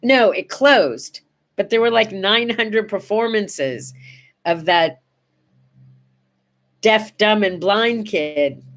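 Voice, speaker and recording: Older female host, unhurried chatty delivery, soft on personal memories. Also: mid-range voice. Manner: chatty, warm-hearted, goes quiet and soft on sad memories. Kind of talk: casual morning chat to camera.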